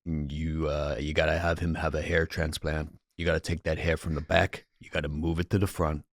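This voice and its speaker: A man's voice: rumbling low, little pitch movement, dry recording, studio quality. A man voicing a brash male American drive-time radio DJ with a put-on American accent drifting toward New York. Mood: confident. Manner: hyped, slow showman patter.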